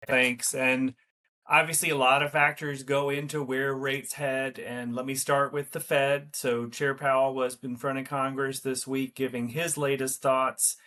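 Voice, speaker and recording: A man guest giving a measured explanation in a podcast interview. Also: mid-range voice, level tone, bright, forceful tone. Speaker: guest economist.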